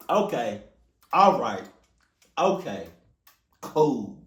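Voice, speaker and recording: A man reacting to a video with loud, profane outbursts and low muttered asides. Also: animated, slow pace, pauses often, roomy sound. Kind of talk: casual reaction commentary.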